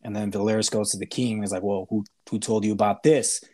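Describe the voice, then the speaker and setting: A man on a podcast, casually retelling a TV episode in a rambling way, with lots of fillers and quick acted-out quotes. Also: lowish voice, little pitch movement, darkish tone. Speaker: podcast host. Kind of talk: casual chat recapping a TV episode.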